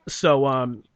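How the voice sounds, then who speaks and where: A man's voice: medium pitch, dry recording. Man, casual podcast storyteller, rambling and profane, dry close mic. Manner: profane, rambling, often clears his throat, trails off quietly. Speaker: podcast guest telling his story.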